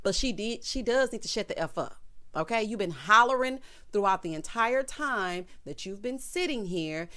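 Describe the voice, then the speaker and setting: A woman's voice: medium pitch, lively intonation, normal speed, pushed and bright. A woman giving casual, gossipy commentary on a reality show, talking straight to her viewers in a sassy way. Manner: sassy, gossipy, addresses viewers as honey and child. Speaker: TV recap vlogger.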